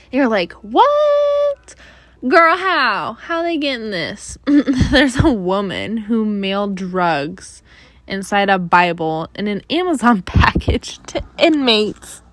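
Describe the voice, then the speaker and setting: Slow-talking young woman podcast host. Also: mid-range voice, lively intonation, dry recording. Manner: chatty, rambling, lots of fillers and sighs. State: allergies. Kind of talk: casual solo podcast chat.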